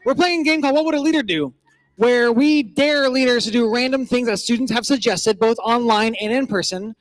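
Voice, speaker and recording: A man's voice: very high voice, brisk, dry recording. A man co-hosting a youth church service, teasing and playful in joking banter.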